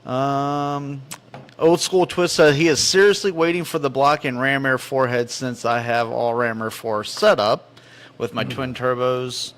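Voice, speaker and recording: A young man in easygoing podcast chat, joking and laid-back, his voice at an ordinary middle pitch. He reads viewer comments aloud. He talks into a mic held in his hand. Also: steady tone, measured pace, a bit bright. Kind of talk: casual chat. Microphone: handheld mic.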